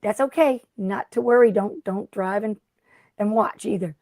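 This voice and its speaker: A chatty middle-aged woman with a lilt hosts a casual craft livestream. Her voice is mellow and warm, close and dry with no room sound. She rambles along and greets viewers by name. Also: medium pitch, normal speed, dry recording. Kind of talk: casual live-stream chat.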